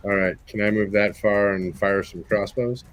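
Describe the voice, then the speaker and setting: A man with a somewhat low voice, playing in a tabletop game. He is brisk and joking, and quick with questions about his moves. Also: steady tone. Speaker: player.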